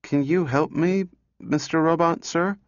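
Man doing a high, breathless little storybook girl, dry dull audio. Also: measured pace, dry recording. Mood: pleading. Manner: breathless, earnest, polite. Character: small pleading girl searching for her robot.

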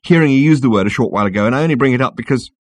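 A man voicing a bewildered, polite, anxious man in an audiobook, talking hesitantly and fast. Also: mid-range voice, no room sound, lightly acted. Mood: flustered. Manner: hesitant, rushed, apologetic. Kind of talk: audiobook character voice.

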